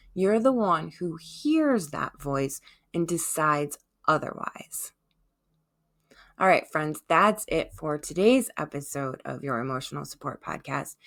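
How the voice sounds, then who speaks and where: A woman hosting a self-help podcast, talking gently and encouragingly and often checking in with listeners. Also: low voice. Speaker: podcast host.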